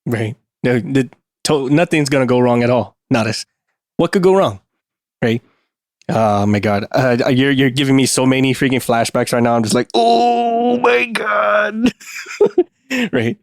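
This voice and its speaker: A man's voice: mid-range voice, no echo, clean studio sound. A man co-hosting a casual podcast, agreeing readily with short replies before reflecting at length. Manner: agreeable, chimes in with quick "right"s, then reflects at length. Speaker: podcast co-host. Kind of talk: casual conversation.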